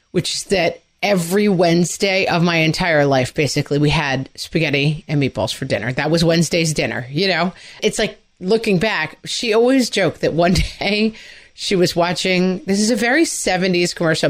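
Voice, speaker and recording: Rambling, animated woman podcast co-host. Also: deep voice. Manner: animated, rambling, self-deprecating. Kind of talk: casual chat.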